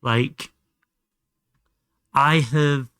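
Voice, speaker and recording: A man's voice: mid-range voice, steady tone, very slow, fairly bright tone, clean tone, dry recording, clean studio sound. A young man chatting casually and thinking aloud while streaming a game, swearing freely. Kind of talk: casual live gameplay commentary.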